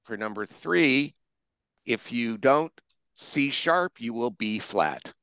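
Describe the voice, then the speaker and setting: A man's voice: medium pitch, expressive, takes it slowly, a bit bright, clear, resonant tone, dry recording. An older man running through the answers of his trivia round in a casual, wry and punning way. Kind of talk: casual quiz answer run-through with puns.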